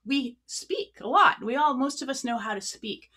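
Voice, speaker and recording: Clarinet teacher explaining breath technique. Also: female voice, sits high, animated, normal speed, bright, forceful tone, breathy edge. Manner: friendly, explanatory, demonstrating as she talks. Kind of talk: online workshop lesson. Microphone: a few feet from the mic.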